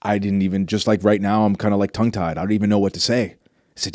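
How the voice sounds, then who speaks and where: Earnest low-voiced man telling his story. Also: fairly even intonation, fast, a little mellow, no room sound, studio quality. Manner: earnest and emotional, restarts often. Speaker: interview guest. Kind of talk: personal faith story.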